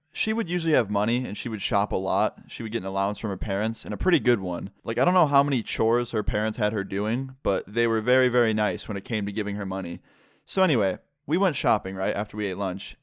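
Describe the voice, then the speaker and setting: A man's voice: on the low side, clean tone, dry recording, studio quality. Candid, swearing man telling a story. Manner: candid, swears freely, lots of "like"; animated retelling, voices the other people in the story. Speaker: vlogger telling a personal story. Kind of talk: casual storytime vlog.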